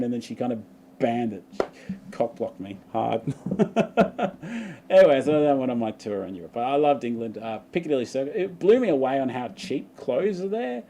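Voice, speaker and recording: A man's voice: mid-range voice, lively intonation, normal speed, mellow. A young Australian man chatting casually on a livestream, telling a rambling story and laughing often. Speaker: vlogger.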